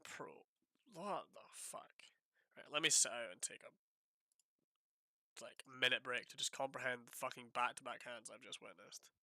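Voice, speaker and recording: A man's voice: medium pitch, normal speed, no echo. A man commentating his own live poker session, exasperated and swearing, swinging from outbursts to muttering to himself. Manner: animated outbursts that drop to muttering.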